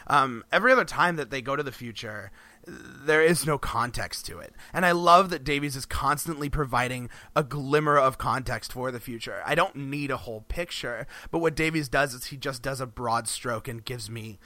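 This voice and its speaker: A man's voice: mid-range voice, moderate pace, bright, forceful tone, no echo. A man co-hosting a podcast in casual chat, rambling with frequent restarts and laughs between phrases. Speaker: podcast co-host.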